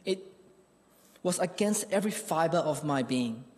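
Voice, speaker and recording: A man's voice: a little high, expressive, normal speed, darkish tone. Earnest man preaching in hall. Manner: earnest, conversational storytelling. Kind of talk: sermon with personal story.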